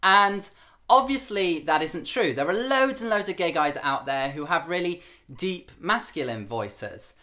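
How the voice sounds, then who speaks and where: Young man with a light camp rasp. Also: expressive, measured pace, sharp tone. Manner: earnest, candid; higher-pitched male voice held lower for camera. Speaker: vlogger. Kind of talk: talking to camera.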